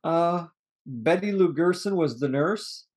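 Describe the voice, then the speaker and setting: A man's voice: a little high, slow, breathy edge. A man co-hosting a podcast, chatting casually and rambling about an old movie, cursing now and then. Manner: rambling, animated, swears casually. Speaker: podcast co-host. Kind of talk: casual movie review chat.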